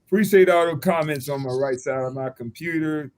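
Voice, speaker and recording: A man, a high school football coach guest, giving short plain answers on a sports show. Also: a little fast. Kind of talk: casual sports chat.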